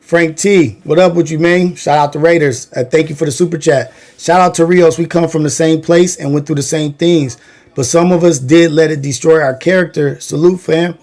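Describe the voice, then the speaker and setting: A man from Long Beach spins stories from his teenage years in a loose, rambling way, with lots of "like" and slang. His voice sits a bit high for a man. He talks casually to a livestream chat. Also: fairly even intonation, moderate pace, a little mellow. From Long Beach, California. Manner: loose slangy storytelling, many fillers. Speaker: livestream host.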